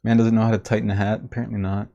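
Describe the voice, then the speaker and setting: A man's voice: on the low side, little pitch movement, rapid-fire, vocal fry, warm tone, highs cut off. A man commentating on a livestream in a sarcastic, mocking way, reading chat comments aloud. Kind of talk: casual reaction commentary.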